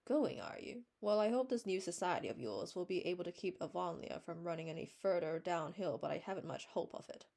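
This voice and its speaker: A woman's voice: on the low side, lively intonation, fairly quick, gravelly, hardly any pauses, a little mellow. A woman voicing a sour, pessimistic spinster in her late fifties from a storybook, speaking bluntly and dismissively. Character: gloomy 57-year-old spinster, sour pessimist.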